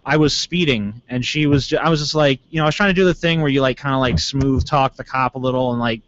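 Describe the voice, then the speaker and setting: A man's voice: mid-range voice, fast, fairly bright tone, dry recording, lo-fi sound. A man co-hosting a call-in podcast, telling stories in a rambling way full of swearing. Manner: profane, rambling. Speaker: podcast co-host. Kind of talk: casual storytelling chat.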